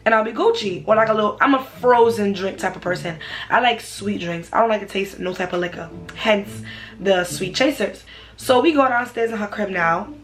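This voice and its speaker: A young woman, telling a personal story for her vlog in an animated, slangy way. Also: medium pitch, moderate pace, faint music behind. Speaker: vlogger.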